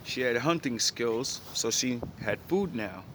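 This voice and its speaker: A man's voice: medium pitch, animated, unhurried, fairly bright tone, a little hiss or hum. Profane, slangy man telling a story. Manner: blunt and profane, with loose slang. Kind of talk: casual storytelling monologue.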